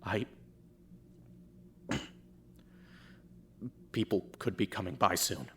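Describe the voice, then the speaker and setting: A man's voice: deep voice, lively intonation, very slow, sharp tone, slight background noise, heavily acted. A man voicing a timid young worker who stammers hesitantly in a fan audio drama.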